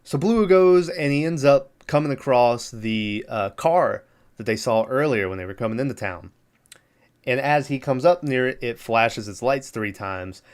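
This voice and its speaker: A man's voice: mid-range voice, lively intonation, normal speed. A male podcast host casually recapping a film, rambling with lots of fillers, laughing and acting out the characters' lines.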